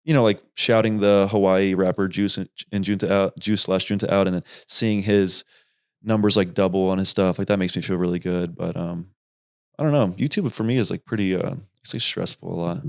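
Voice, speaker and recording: Low-voiced young man telling rambling stories. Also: brisk, creaky, clear, resonant tone. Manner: rambling, animated, swears freely. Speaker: podcast guest, YouTuber. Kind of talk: casual storytelling.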